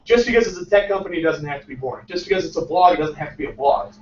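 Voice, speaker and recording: A man in his twenties, a startup founder giving a casual motivational talk to a room, energetic and often tagging his points with "right?". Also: sits high, rapid-fire, a little hiss or hum. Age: 20s. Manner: energetic, peppers lines with "right?". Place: lecture room. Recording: echoey muffled room sound from far off.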